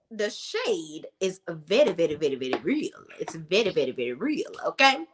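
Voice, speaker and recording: A woman's voice: fairly low pitch, sing-song, moderate pace, hardly any pauses. A young woman recapping a TV episode in a casual, sassy, emphatic way, repeating words for emphasis. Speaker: TV show reviewer.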